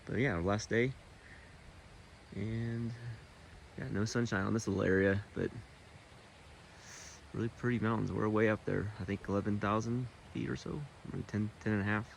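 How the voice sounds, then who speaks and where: A man talking casually to the camera while backpacking outdoors, rambling and relaxed. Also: on the low side, moderate pace, creaky, pauses often, a little hiss or hum. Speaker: vlogger on a backpacking trip. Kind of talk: casual trail vlog. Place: outdoors in the mountains.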